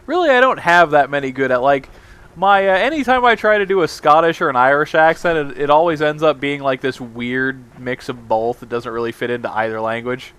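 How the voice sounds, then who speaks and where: A man's voice: on the high side, fairly quick, a bit bright, clear, resonant tone. Rambling, self-mocking male let's-play host. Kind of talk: casual gameplay commentary.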